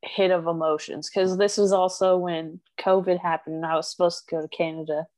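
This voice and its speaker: A woman in casual chat with a friend, emotional and chatty, with quick bursts of speech. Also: on the low side, little pitch movement, a little mellow. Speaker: friend and mother.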